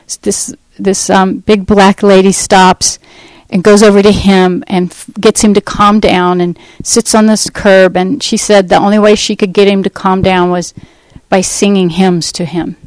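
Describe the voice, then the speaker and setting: A woman's voice: mid-range voice, flat delivery, dry recording, low-quality recording. Earnest woman telling her testimony. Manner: earnest, conversational, halting with restarts and fillers. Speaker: speaker giving a testimony. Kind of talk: personal testimony storytelling.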